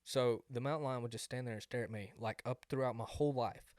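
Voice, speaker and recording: A man's voice: medium pitch, fairly even intonation, quick pace, a little mellow, no room sound, clean studio sound. A young man, co-hosting a podcast and telling a rambling story that leans on "like". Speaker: podcast co-host. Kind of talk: casual chat.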